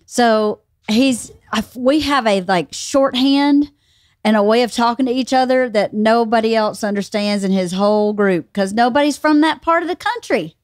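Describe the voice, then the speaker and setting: A woman from Georgia tells a story as a podcast co-host, animated and acting out the quotes. Her voice sits a little high, and the recording is dry and close. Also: normal speed, dry recording. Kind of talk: casual podcast chat.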